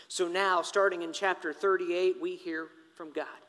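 A man preaching a sermon in an animated, conversational way, turning often to the congregation with asides. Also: high-pitched, measured pace, few pauses, big-room sound.

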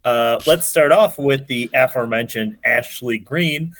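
A man's voice: mid-range voice, a little slow, fairly bright tone. A man co-hosting a podcast, leading the segment in an upbeat, easygoing chat and laughing often. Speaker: podcast co-host. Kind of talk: casual chat.

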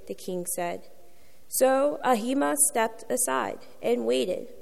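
A woman reads scripture in a church sanctuary, slow and measured. Her voice is slightly high with a gravelly texture, and a long reverb trails each phrase. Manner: measured, expressive reading. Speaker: scripture reader. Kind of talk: scripture reading.

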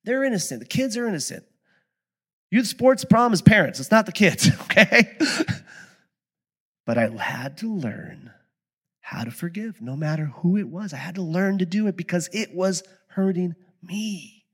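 A middle-aged man preaching a conversational sermon, moving between quiet reflection and loud, animated storytelling. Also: high-pitched, moderate pace, husky. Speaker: pastor.

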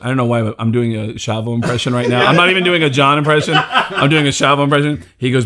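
A man's voice: medium pitch, fast, hardly any pauses, pushed and bright. A male stand-up comedian telling a story in casual chat, acting out the quotes and swearing freely.

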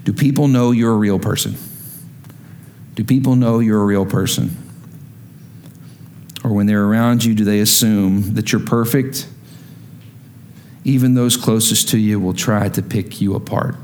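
A man preaching a sermon, reading scripture and speaking to the congregation, climbing in pitch on emphatic lines and dropping low and quiet for serious points. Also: fairly even intonation, a little slow, pauses often, a little hiss or hum. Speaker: pastor.

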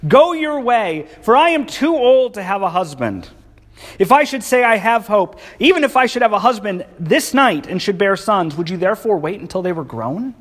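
A sarcastic old widow woman drips scorn in a raised, high voice, put on by a man. Her words ring out in a big reverberant hall. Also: big pitch swings, normal speed. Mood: bitter. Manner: sarcastic, mocking.

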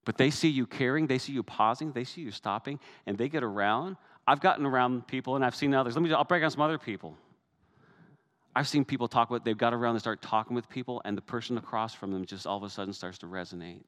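A man's voice: medium pitch, fast, a bit bright. A man, a pastor, preaching a sermon in a conversational way that rises to emphatic peaks.

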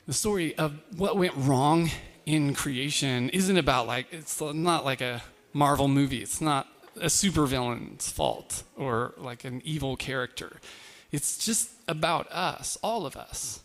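A man's voice: a little high, unhurried, a bit bright, big-room sound. A man preaching an informal, conversational sermon, with fillers and self-deprecating asides. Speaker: pastor.

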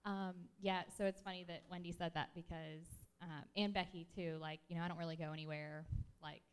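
A woman's voice: on the low side, fairly even intonation, fairly quick, smooth. A shy, self-described introverted woman telling a rambling story at a church gathering, with many fillers and restarts, into a handheld mic. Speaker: church member sharing a testimony. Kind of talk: casual spoken testimony.

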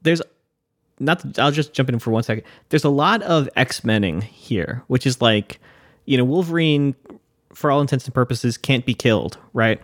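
A man's voice: medium pitch, animated, moderate pace, dry recording, clean studio sound. A man co-hosting a casual chat, laughing often and swearing freely. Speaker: podcast co-host.

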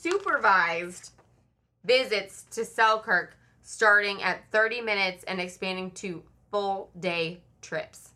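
Woman, podcast host, bright voice; true-crime chat, reads from notes, chatty asides. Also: medium pitch, steady tone, slow pace, hardly any pauses.

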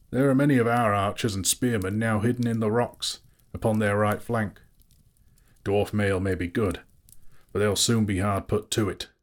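A man's voice: on the low side, natural voice. A man voicing a bold, scornful bowman leader in an audiobook, confident and a little raised. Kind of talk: audiobook character voice.

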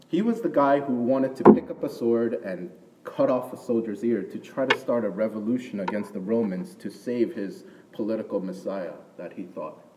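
A man preaching a sermon in a conversational way, often checking in with the audience with a quick "right?". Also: mid-range voice, mellow, slight background noise. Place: church hall with an audience. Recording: distant mic in a reverberant hall.

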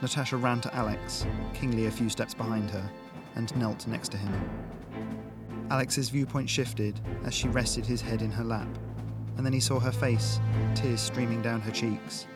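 A man narrating a sci-fi action audiobook with steady, dramatic pacing. His voice sits in an ordinary middle range. A music bed plays clearly behind him. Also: medium pitch, moderate pace. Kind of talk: scripted narration.

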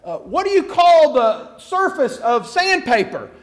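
A man voicing an eager male dog owner pitching his talking dog in a joke told during a sermon. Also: sing-song, measured pace, heavily acted. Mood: eager pleading.

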